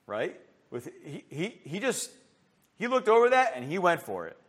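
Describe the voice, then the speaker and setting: A man preaching a sermon with passion, asking rhetorical questions and swinging between loud emphasis and hushed asides. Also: high voice, huge pitch swings, moderate pace.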